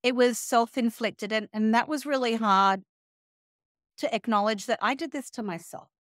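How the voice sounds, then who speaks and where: A dry, clean studio recording catches a middle-aged health and wellness coach in a casual interview. Her fairly high voice moves at a moderate pace as she animatedly acts out quoted voices and makes sarcastic asides.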